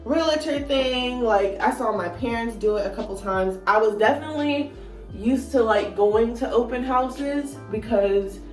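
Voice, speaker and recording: A woman in her twenties tells a casual story time vlog in a groggy morning voice, filling her talk with "like" and "you know". She is recorded on a phone set back from her in an echoey room, and soft music plays underneath. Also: fairly high pitch, unhurried, far from the mic. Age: 20s. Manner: chatty and playful, lots of "like" and "you know". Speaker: vlogger. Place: at home while doing her morning routine. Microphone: phone on a moving gadget.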